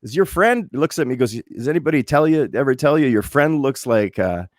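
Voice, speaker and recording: A man from Winnipeg in his late forties, co-hosting a podcast and telling a story in lively casual chat, acting out the voices as he goes. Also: medium pitch, brisk, no room sound, studio quality. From Winnipeg, Canada. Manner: animated storyteller, restarts and acts out voices. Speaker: podcast co-host.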